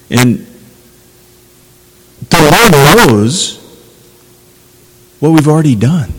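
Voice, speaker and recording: A man's voice: mid-range voice, slightly rough, in a large hall, low-quality recording. A man preaching a sermon, earnest and conversational, building to emphatic passages. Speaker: pastor.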